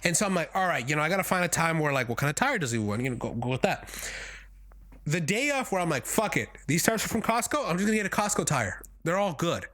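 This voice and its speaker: A man's voice: on the high side, big pitch swings, fast talker, fairly bright tone. A young man, a podcast co-host, talking casually in a wry, rambling way with lots of swearing. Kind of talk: casual chat.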